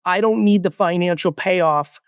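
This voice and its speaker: A man in his forties, born in Russia, talking as a guest entrepreneur in a blunt, profane, animated way. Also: sits high, a little slow, clean tone, no echo, studio quality. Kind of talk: casual interview talk.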